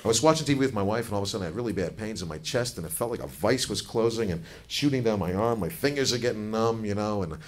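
A man's voice: lowish voice, lively intonation, quick pace, hardly any pauses. A man doing a crude, self-mocking stand-up comedy routine, telling a story to a laughing audience. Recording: noisy live comedy recording.

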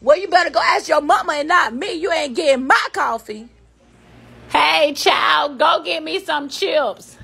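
A woman voicing a bossy, sassy old grandmother who scolds loudly in a comedy skit. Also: high-pitched, a little slow, gravelly, full character voice. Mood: scolding. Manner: scolding, loud, calls everyone child.

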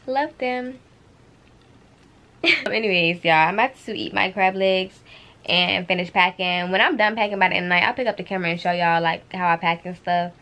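A woman's voice: mid-range voice, moderate pace, pushed and bright. A young woman talking casually to her camera on a tripod while she packs, playful, laughing and using slang. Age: young adult. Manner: chatty, playful, laughing often, uses slang. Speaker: vlogger. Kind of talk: casual vlog chat to camera. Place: bedroom while packing, indoors.

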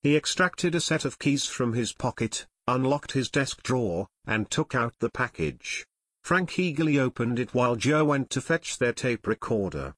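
Steady male audiobook narrator, dry. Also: medium pitch, moderate pace, no room sound. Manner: steady, even storytelling. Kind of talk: scripted narration.

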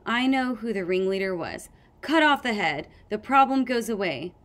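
A woman puts on a huge red she-dragon from a storybook, a harsh, booming teacher who barks orders and growls her scolding. The voice rides loud and a little high over the reader's own. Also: lively intonation, normal speed, natural voice. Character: stern enormous red female dragon teacher.

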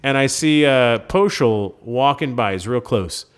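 A man's voice: mid-range voice, unhurried, clear, resonant tone, soft background music. A man from Minnesota co-hosting a podcast, telling stories in casual chat and acting out the dialogue. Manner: animated storyteller, acts out quoted dialogue. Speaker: podcast co-host.

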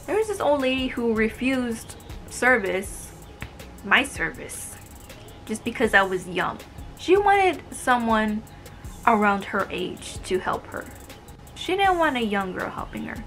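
Woman, twenties, sarcastic, exasperated storytime vlog, slightly high voice, soft background music. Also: expressive, moderate pace. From United States. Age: 20s. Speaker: vlogger telling work stories. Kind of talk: casual storytime narration.

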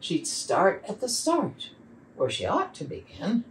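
A woman facilitating a children's program, reading poems and a picture book aloud with expressive delivery. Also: medium pitch, slow pace, a little hiss or hum. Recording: roomy sound from a distant mic.

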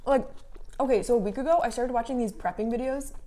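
A woman's voice: a little high, quick pace, warm tone. A young woman co-hosting a casual eating show, telling laid-back stories with some swearing. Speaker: co-host. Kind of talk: casual chat while eating.

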